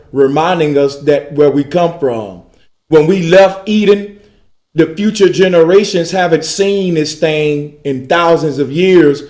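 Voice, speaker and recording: A man's voice: on the high side, darkish tone, roomy sound. A man giving a preachy esoteric lecture, emphatic and repetitive, dragging out key words for wordplay. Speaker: speaker in a group call.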